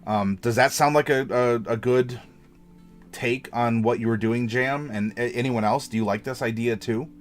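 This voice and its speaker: A man's voice: medium pitch, fairly even intonation, moderate pace, faint music behind. Rambling man hosting a worldbuilding chat. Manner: rambling, many fillers and restarts. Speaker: game master and show host. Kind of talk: casual worldbuilding chat with chat readers.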